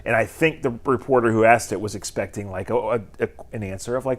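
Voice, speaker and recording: Casting: lively male sports reporter, expressive pitch, easy laugh. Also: fast. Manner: animated, laughs easily. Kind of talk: sports talk show chat.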